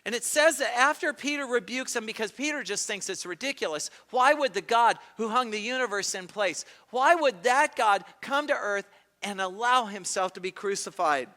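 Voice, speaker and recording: A man delivers a sermon as pastor, his voice sitting high and sounding bright and forceful. He retells scripture dramatically, acting out the voices of the people in the story. The sound carries a long reverb from a large church hall. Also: lively intonation, moderate pace. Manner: dramatic retelling with acted quotes.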